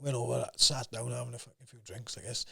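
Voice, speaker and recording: A man's voice: mid-range voice, flat delivery, quick pace, vocal fry, bright, forceful tone, husky. A man in his thirties with a South Wales valleys accent, a podcast guest who tells rambling anecdotes and swears constantly. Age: 30s. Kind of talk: casual storytelling.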